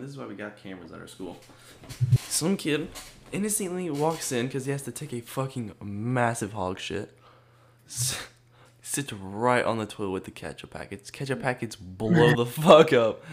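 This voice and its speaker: A man in casual conversation recounts a crude grade-school prank. He talks in a relaxed way and keeps breaking into laughter. His voice sits at a plain middle pitch. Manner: laughing, laid-back anecdote telling. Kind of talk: casual storytelling chat.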